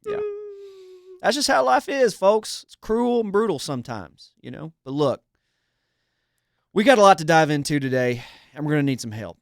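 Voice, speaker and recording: A man's voice: fairly high pitch, very animated, moderate pace, vocal fry, pauses often, dry recording, studio quality. A man playing Dwayne, a folksy, blustering co-host of a small-town sports radio show. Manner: folksy, blustering, calls people partner and buddy.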